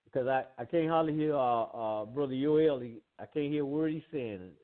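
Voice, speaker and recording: A man hosting a call-in show, telling a story in a lively, animated way and acting out the voices in it. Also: mid-range voice, normal speed. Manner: animated storyteller, acts out quotes, laughs often. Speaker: host. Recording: tinny phone line.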